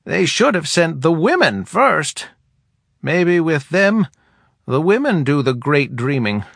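A man's voice: fairly high pitch, very animated, slow, vocal fry, a bit bright, no room sound, studio quality, voice pushed up, heavily acted. A man voicing the scornful elder woman who leads a small forest people, in a mocking, incredulous tone. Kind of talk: audiobook character voice.

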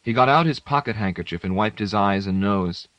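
Low-voiced male audiobook narrator. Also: dry recording, dull audio. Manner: measured, steady literary reading. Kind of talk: scripted narration.

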